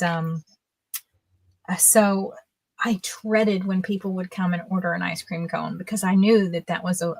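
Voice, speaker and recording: A woman's voice: mid-range voice, dry recording. A woman in her fifties, a guest on a livestream, telling casual stories in a chatty way and laughing often. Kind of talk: casual storytelling.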